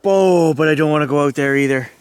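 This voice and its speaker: A man's voice: on the high side, fast talker, clean tone, no room sound. A man vlogging alone outdoors at night, talking nervously and thinking aloud to his viewers. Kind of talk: ghost-hunting vlog, talking to viewers.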